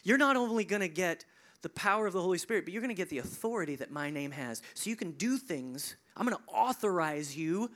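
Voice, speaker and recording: A male pastor preaching a sermon, conversational and animated, swinging between emphatic peaks and hushed, near-whispered lines. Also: high voice, brisk. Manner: conversational asides, chuckling.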